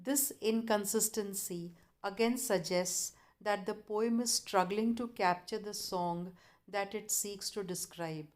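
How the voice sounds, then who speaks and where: A woman college lecturer, reading lecture notes aloud to students in a measured, deliberate way with occasional self-corrections. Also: mid-range voice.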